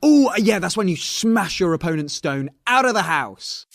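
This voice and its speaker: A man's voice: high voice, very animated, normal speed, gravelly, very noisy. A man co-hosting a comedy podcast, chatting in a jokey, casual way. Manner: jokey, slips into silly put-on voices. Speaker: podcast co-host.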